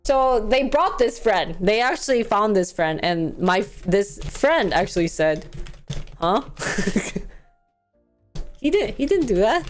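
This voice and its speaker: A woman vlogger telling a story in casual commentary, chatty and animated, acting out quotes with laughs and fillers. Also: medium pitch, smooth.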